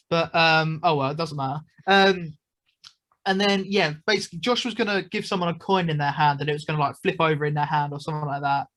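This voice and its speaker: A man's voice: a little high, steady tone, fast talker, a bit bright. A young man from the United Kingdom, a magician being interviewed, chatting casually and telling stories with lots of fillers and asides. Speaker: magician guest.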